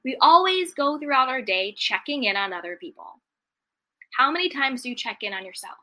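A woman's voice: a little high, lively intonation, brisk, bright, forceful tone. A woman giving a motivational self-help talk, speaking straight to her listeners in an encouraging tone and often repeating key phrases.

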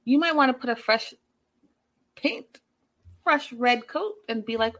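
A woman vlogger chatting casually and recapping a show in an animated, gossipy way. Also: on the high side. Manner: animated, gossipy, speeding up and slowing down. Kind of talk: casual chat.

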